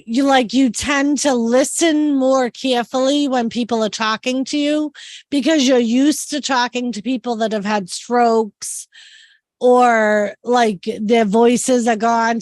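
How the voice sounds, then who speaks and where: Slow-talking woman with a Massachusetts accent. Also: on the high side, no room sound. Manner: chatty storyteller, frequent "like". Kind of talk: casual chat.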